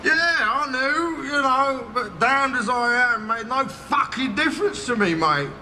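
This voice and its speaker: An actor playing a volatile, foul-mouthed middle-aged gangster who rambles and breaks into sudden shouts. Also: male voice, very high-pitched, expressive, a little slow. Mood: agitated. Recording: echoey film scene with ambient noise.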